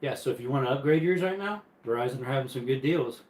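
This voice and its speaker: A man's voice: medium pitch, animated, quick pace, darkish tone, reverberant, poor audio. A man casually hosting a live stream from his bedroom, easygoing and chatty as he reads viewer comments and laughs often. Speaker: livestream host.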